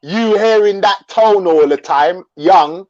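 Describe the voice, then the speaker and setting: A man with a London accent hosting a live chat, telling stories in an animated, slangy way. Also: high voice, slow, dull audio. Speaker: livestream host.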